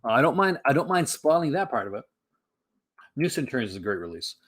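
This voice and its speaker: A man's voice: medium pitch, big pitch swings, quick pace, breathy edge. Rambling man chatting on a livestream. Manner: rambling, many fillers and restarts. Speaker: livestream host. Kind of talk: casual chat answering a live chat.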